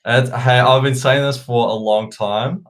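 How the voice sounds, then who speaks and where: A man's voice: medium pitch, unhurried. A man with a New Zealand accent, a guest talking casually about markets and crypto, with frequent repeated words. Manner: relaxed, repeats words when thinking. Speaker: guest analyst.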